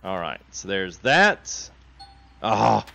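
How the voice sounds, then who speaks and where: A man's voice: on the low side, sing-song, very slow, gravelly, sharp tone. A man, chatting casually on a live game stream, reading chat and laughing often. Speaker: gaming streamer.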